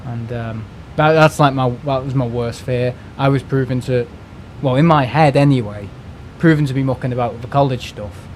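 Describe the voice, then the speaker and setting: A British man talks off the cuff on a live stream in a casual rant, rambling, tripping over and repeating words, and swearing as he vents. His ordinary mid-pitched voice is a little mellow, at a moderate pace with hardly any pauses, over a faint air-conditioning hum.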